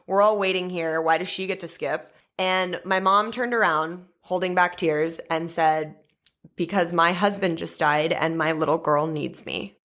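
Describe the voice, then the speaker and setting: A woman in her thirties from the United States, hosting a podcast and telling a personal story in a candid, profane way, with frequent soft laughs. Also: lowish voice. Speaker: podcast host.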